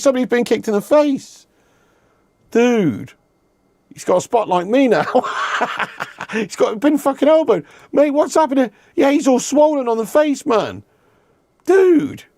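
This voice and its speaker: Gravelly, lively male stream host. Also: very high voice, no room sound, clean studio sound. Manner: banters with chat, swears, laughs often. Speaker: football watch-along host. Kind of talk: casual live-stream chat.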